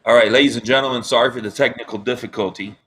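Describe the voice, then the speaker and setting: A man's voice: medium pitch, fairly even intonation, very fast, fairly bright tone, slight background noise. A man hosting a live-streamed interview over a video call, talking with upset passion and repeating himself. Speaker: online news show host.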